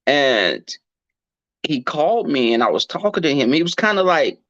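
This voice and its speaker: A man telling a candid personal story in a blunt, animated and profane way. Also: fairly high pitch, normal speed, dry recording, muffled recording. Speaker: podcast host.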